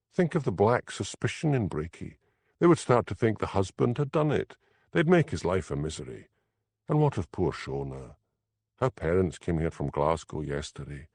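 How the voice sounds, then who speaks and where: A man's voice: on the low side, darkish tone, no echo. A man voicing an anxious, determined young woman who speaks in an urgent, earnest and persuasive way.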